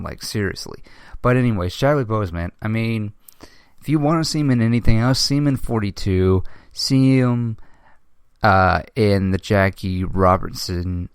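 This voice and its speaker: Emotional halting man, low voice. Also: smooth, dry recording, studio quality. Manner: emotional, halting, swears, many restarts. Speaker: host. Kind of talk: casual commentary.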